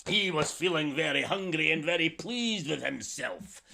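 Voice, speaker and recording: Speaking at normal speed, this Scottish storyteller has a slightly high, gravelly voice with a sharp tone. He performs animatedly and theatrically for children, drawing them in to take part.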